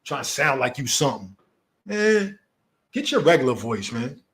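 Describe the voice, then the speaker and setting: A man's voice: mid-range voice, big pitch swings, normal speed, a bit bright. A man giving a heated, profane commentary rant, confrontational and argumentative as he rebuts an online opponent.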